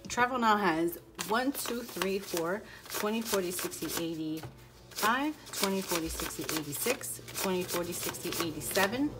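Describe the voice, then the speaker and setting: A woman's voice: medium pitch, lively intonation, normal speed, loud music behind the voice. A woman vlogging her budget, chatting casually and counting bills aloud with playful asides. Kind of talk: casual chat while counting cash.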